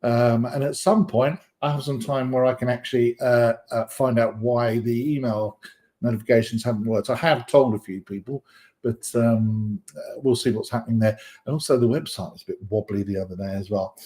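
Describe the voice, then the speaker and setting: A man's voice: medium pitch, fairly even intonation, normal speed, mellow. A man hosting a live stream in a casual, rambling way, full of fillers and restarts, joking and greeting viewers by name. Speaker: livestream host.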